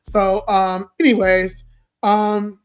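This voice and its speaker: A man in his twenties with a hoarse, worn-out voice from a sore throat, telling a story in an animated, profane, ranting way. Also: high voice, slow, soft background music. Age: 20s. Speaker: social media host. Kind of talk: casual storytime rant.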